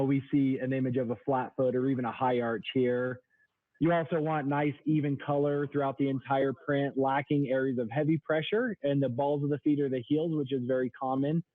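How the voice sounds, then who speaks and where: A man in his thirties, a sales trainer, explaining products as a guest on a radio show. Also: no room sound. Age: 30s. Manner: explanatory, product-pitch delivery. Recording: tinny phone line, dry.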